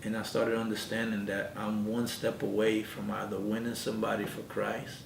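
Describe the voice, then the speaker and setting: A man speaks as an interview guest in a low, flat, gravelly voice, earnestly recounting his story and acting out the conversations in it. He sits back from the mic in a roomy, echoing space. A steady rumble hums underneath. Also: moderate pace. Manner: earnest storyteller who acts out quoted dialogue. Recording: echoey room, mic at a distance, background rumble.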